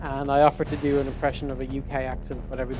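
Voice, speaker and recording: A man's voice: medium pitch, little pitch movement, rapid-fire, music in the background. A man from Ireland hosting a gaming livestream, joking and rambling in casual chat. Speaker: streamer.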